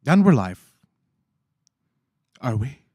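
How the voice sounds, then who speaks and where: A man's voice: medium pitch, big pitch swings, slow pace, dark tone, breathy edge, dry recording. Playful rambling man, dry close sound. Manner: playful, theatrical storytelling with quoted voices; chatty, rambling, self-mocking. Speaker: food vlogger. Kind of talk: casual chat to camera.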